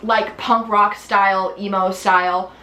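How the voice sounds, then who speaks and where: A young woman, chatting and telling animated stories while doing makeup, putting on voices as she goes. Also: mid-range voice, a little slow. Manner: bubbly, animated storytelling with voices. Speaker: beauty vlogger. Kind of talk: casual chat. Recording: echoey room with faint hiss.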